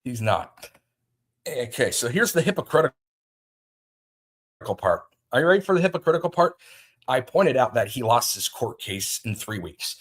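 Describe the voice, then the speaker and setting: A man's voice: mid-range voice, sing-song, moderate pace, pauses often. A man hosting a livestream, ranting agitatedly about a feud, with frequent restarts. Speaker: livestream host. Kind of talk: livestream commentary.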